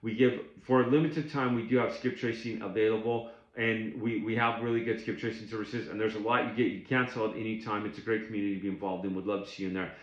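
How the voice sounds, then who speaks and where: Man, lowish voice, blunt no-nonsense coach; roomy, slightly dull recording. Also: steady tone, fast, few pauses. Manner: plainspoken, blunt, with frequent restarts. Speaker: tax overage business coach. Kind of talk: casual instructional talk to camera.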